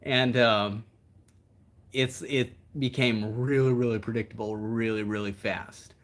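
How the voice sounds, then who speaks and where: A man's voice: mid-range voice, steady tone, a little slow. A man hosting a livestream, chatting casually in a rambling, reflective way. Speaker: livestream host.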